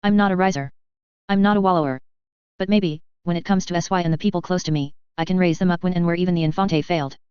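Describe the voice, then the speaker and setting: A quiet, earnest young man in an audiobook, loyal and soft-spoken, read by a woman narrator. The voice is clear and on the low side, close and dry. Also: steady tone, fast, no room sound, dull audio, close to an everyday voice.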